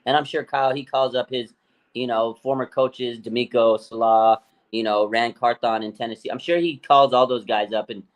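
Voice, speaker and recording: A man co-hosting a live sports talk stream, telling stories in an excited, rambling way. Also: medium pitch, moderate pace, low-quality recording. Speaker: podcast co-host.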